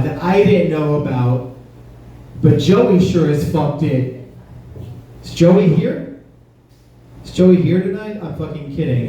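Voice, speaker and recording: A male comedian works a club crowd with a punchy, conversational set, his voice mellow and a little high. The recording is distant and boomy, with long room reflections. A faint background hiss sits under it all. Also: very echoey. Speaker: stand-up comedian.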